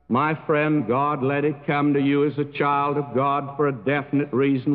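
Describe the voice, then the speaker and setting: A man preaching a sermon in a slow, earnest way that swells to emphatic peaks. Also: on the high side, fairly even intonation. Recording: tinny narrow-band recording with long reverb.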